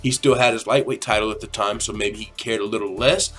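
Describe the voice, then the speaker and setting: A man's voice: fairly low pitch, steady tone, fast, a bit bright, soft background music. A man in his twenties hosting a casual podcast Q&A, talking in a rambling, opinionated way and swearing freely. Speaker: podcast host.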